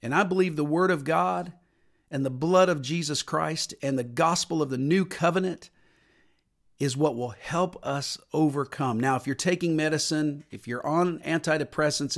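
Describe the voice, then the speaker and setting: Earnest preaching man, podcast minister. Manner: earnest preaching, rises on scripture and drops low for personal story. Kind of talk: podcast sermon talk.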